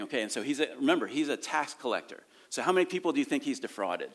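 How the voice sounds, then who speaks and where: A man's voice: mid-range voice, quick pace. A man preaching a sermon in a church, reading scripture and breaking off into casual asides and chuckles. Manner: animated and conversational, reading scripture aloud with asides and laughs. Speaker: pastor. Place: church sanctuary.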